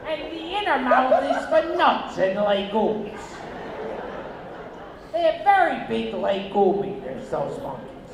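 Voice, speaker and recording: A man performing a stand-up comedy set on a casino stage, with shrill, abrupt outbursts and deadpan asides. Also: slow, vocal fry, crowd noise. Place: casino stage, live audience. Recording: echoey, noisy audience bootleg.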